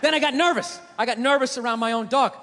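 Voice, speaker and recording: A man performing a stand-up comedy routine, ranting in exasperation and shouting his punchlines. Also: very high-pitched, fast. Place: comedy theater stage. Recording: live hall reverb, crowd laughter and noise.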